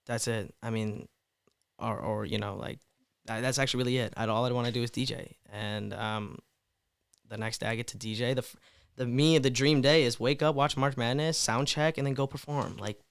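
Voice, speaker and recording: A twenty-year-old man talking as a guest in a casual podcast interview, animated and rambling, often repeating words. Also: mid-range voice, moderate pace, smooth, no echo, clean studio sound. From Mid Michigan.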